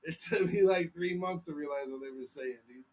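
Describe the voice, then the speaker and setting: A man's voice: fairly high pitch, a little fast, a little mellow. A man co-hosting a podcast, trading jokes in casual crude banter. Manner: joking, puts on silly mock accents. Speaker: podcast co-host.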